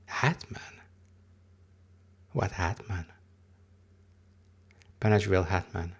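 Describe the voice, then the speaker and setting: A man in his thirties with a low, gravelly voice and a husky edge. He is not a native English speaker and rambles casually through a livestream, stopping to read and answer his chat. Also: drawn-out words.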